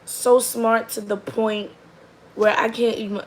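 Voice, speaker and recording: A young woman telling a funny story in a chatty, animated way with quick asides. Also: on the high side, low-quality recording. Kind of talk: casual comedic storytelling.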